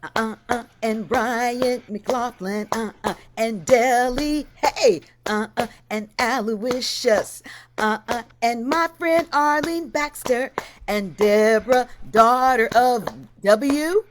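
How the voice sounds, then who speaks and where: A woman hosts a livestream from home, greeting her viewers one by one with bursts of delight. Her voice sits a little high and she takes her time. Faint noise runs under the video call. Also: takes it slowly. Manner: effusive, exclamatory greetings. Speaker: host.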